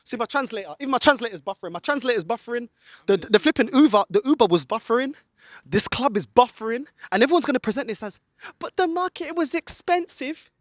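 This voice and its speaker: An extremely high-pitched, expressive man talks fast in studio-quality audio with no room sound. Angry and ranting, he's making a football fan vlog outdoors in a car park while a friend holds the camera, occasionally switching to Portuguese.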